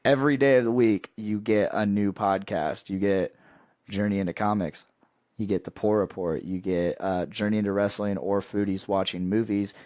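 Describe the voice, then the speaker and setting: A young man hosting a podcast in casual chat, pitching with excitable hype and laughing often. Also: normal speed, no echo, clean studio sound. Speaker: podcast host.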